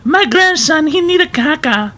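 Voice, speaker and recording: A pleading elderly Eastern European grandmother, put on by a man in a high falsetto. Her broken English comes in a squeaky, strained register with a thick accent. The tone is bright and tense. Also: lively intonation, moderate pace, heavily acted.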